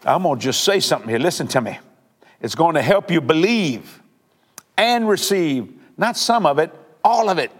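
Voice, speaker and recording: An older man, preaching and praying on a televised sermon, fervent and emphatic, repeating lines for effect and swinging between loud declarations and hushed, earnest asides. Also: a little high, lively intonation, normal speed, husky, long reverb tail.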